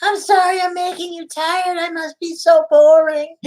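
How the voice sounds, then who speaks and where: Woman, high voice, prank caller: giggly, clingy, overly emotional. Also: level tone, measured pace, darkish tone, rough recording. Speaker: scam baiter posing as a lonely woman. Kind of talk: prank phone call.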